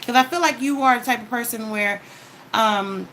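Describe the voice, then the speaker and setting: A woman's voice: a little high, normal speed, a bit bright, a little hiss or hum, low-quality recording. A woman giving a casual tarot reading, talking straight to the viewer with advice and frequent "okay?" check-ins. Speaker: tarot card reader.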